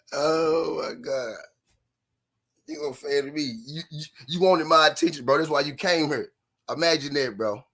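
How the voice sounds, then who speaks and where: Man, stream host, fairly high voice, mocks chatters, laughs a lot. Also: a little slow, pauses often, pushed and bright. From Memphis, Tennessee, US. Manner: taunting, mocking, laughs often, repeats lines. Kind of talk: live-stream banter with chat.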